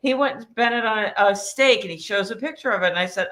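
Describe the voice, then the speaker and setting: Brassy woman co-host, blunt and foul-mouthed; bright, higher voice. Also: fast. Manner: blunt, profane, animated ranting. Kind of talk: casual podcast chat.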